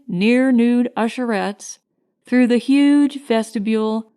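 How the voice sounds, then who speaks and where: A woman narrating a science fiction short story in a steady, measured storytelling manner. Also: on the high side, clean tone. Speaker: audiobook narrator. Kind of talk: scripted narration.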